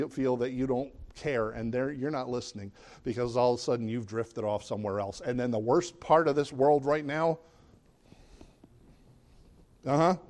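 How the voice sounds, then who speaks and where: A man preaching a sermon as a pastor, conversational and animated, often questioning the audience and acting out what people say. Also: fairly high pitch. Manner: animated, acts out quoted voices.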